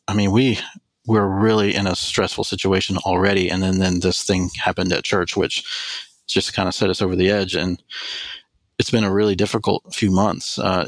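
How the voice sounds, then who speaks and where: A man in his forties with a low voice recounts a painful chapter of his life in an earnest, thoughtful way. The sound is dry and close, with no room around it. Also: dry recording. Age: 40s. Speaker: podcast guest, spiritual director. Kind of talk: reflective personal storytelling.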